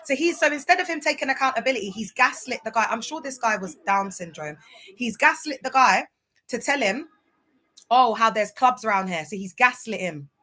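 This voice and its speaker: A woman's voice: a little high, lively intonation, a little fast, pushed and bright. A woman speaking out in a casual vlog monologue, impassioned, sometimes spelling out words letter by letter. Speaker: former church member speaking out.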